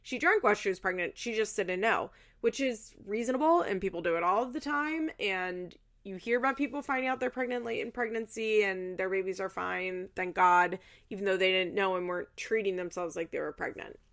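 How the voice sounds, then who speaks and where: Chatty woman host w/ lots of fry, says like a lot, swears casually. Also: mid-range voice, fairly quick, hardly any pauses, a bit bright. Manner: chatty, swears, many fillers. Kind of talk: casual recap chat.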